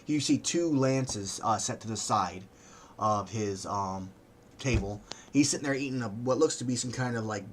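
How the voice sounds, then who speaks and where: A man's voice: on the low side, normal speed, a little hiss or hum. Casual game master, a man describing scenes with hesitant, filler-heavy narration. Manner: rambling, hesitant, many fillers.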